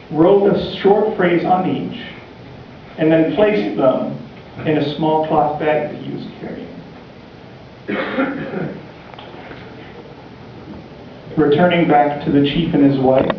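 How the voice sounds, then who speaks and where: Male preacher telling a story slow and deliberate, far from the mic, lots of church echo, muffled. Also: a little high, slight background noise. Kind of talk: sermon storytelling. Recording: distant, echoey, dull church recording.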